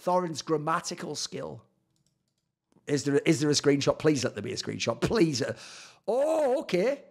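A man in a sarcastic, profane commentary on old tweets, swinging between loud outbursts and low mutters. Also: gravelly. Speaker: esports commentator and YouTuber.

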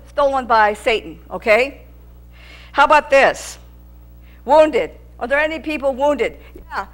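A woman teaching a Bible lesson in an earnest, repetitive preaching manner, sometimes rising in volume for emphasis. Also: high voice. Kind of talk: sermon teaching.

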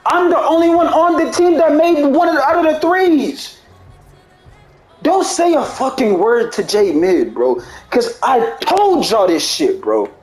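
A man's voice: very high voice, sing-song, unhurried, a little mellow, soft background music. Angry gamer guy ranting at his viewers, voice jumps all over, echoey room. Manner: angry, profane, repeats himself, ends lines with "bro". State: heated. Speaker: gaming YouTuber. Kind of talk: heated gameplay rant to viewers.

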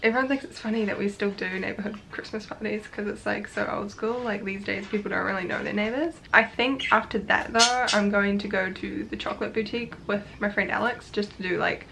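A woman's voice: mid-range voice, steady tone, fairly quick, gravelly, hardly any pauses, fairly bright tone, slight background noise. A young woman vlogging casually to camera, chatty and bubbly, full of "like" fillers and giggles. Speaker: vlogger launching a business. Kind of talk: casual vlog talk to camera.

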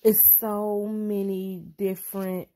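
A woman's voice: mid-range voice, little pitch movement, slow, warm tone. A young woman vlogging casually, sassy and effusive, calling her viewers y'all and honey. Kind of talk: casual vlog chat.

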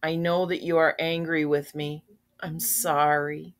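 A woman's voice: sits low, little pitch movement, a little slow. An older woman reading a children's storybook, voicing an earnest young princess in an eager way.

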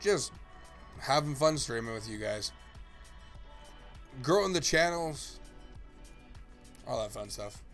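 A man's voice: mid-range voice, lively intonation, takes it slowly, long pauses, a bit bright, soft background music. A man live-streaming a game, chatting playfully and greeting viewers by name as he plays. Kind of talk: casual live-stream chat.

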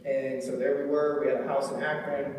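A man's voice: medium pitch, flat delivery, brisk, a little mellow. Man preaching in an echoey hall. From Ohio. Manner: earnest storytelling with frequent ums and "right?". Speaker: preacher and recovery ministry leader. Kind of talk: testimony sermon. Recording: echoey hall from far off, faint noise.

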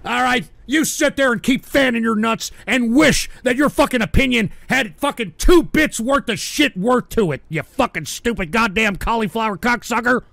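An older man hosting a live show, ranting profanely at his chat and often shouting. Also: very high-pitched, moderate pace, few pauses, no echo. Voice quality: gravelly. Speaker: radio show host reading chat. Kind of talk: ranting live stream talk.

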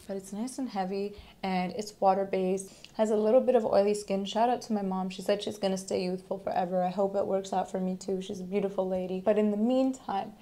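A woman's voice: medium pitch, warm tone. A young woman vlogging to camera, chatting with enthusiasm about beauty products and talking to her viewers as guys. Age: young adult.

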